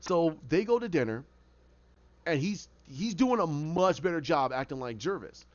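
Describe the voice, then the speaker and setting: A man in casual story retelling, animated and rambling with many restarts, on a dull lo-fi recording. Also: a little high, normal speed. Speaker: storyteller pitching a film idea.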